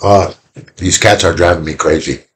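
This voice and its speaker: A man teaching viewers from home in a casual, animated way, acting out examples as he explains. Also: deep voice, normal speed, slightly rough. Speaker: instructor. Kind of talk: recorded lecture to viewers.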